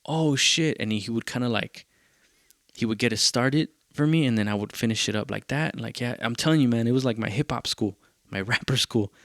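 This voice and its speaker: A young man hosting a podcast, telling a rambling story in casual, profane talk and acting out what others said in quick bursts. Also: medium pitch, a bit bright, no echo, studio quality. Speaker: podcast host.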